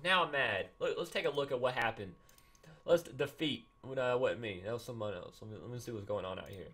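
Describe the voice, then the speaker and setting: A man giving casual, excitable gameplay commentary, repeating himself and acting mock-angry. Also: medium pitch, a little fast. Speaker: gaming YouTuber.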